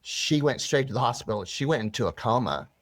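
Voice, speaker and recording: A man's voice: medium pitch, animated, fairly quick, no echo. A man being interviewed, earnestly telling a personal story with many restarts and rambling asides. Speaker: interview guest.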